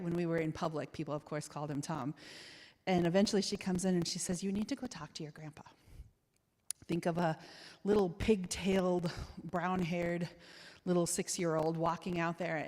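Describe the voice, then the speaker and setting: Low-voiced woman telling a story in a church. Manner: warm reminiscing storyteller, frequent soft laughs. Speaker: guest speaker. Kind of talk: storytelling sermon. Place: church sanctuary. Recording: church hall with long reverb.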